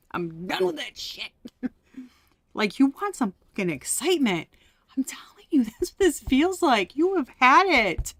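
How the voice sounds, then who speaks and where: A woman's voice: fairly high pitch, no room sound. A woman giving a casual tarot reading, chatty and profane, laughing often and sometimes dropping to a whisper. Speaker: tarot reader.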